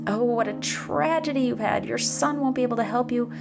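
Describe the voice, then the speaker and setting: Fretful villagers in a fable, exclaiming high and worked up, put on by a gravelly-voiced woman. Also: a little fast, music in the background. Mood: pitying. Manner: exclamatory, raised pitch.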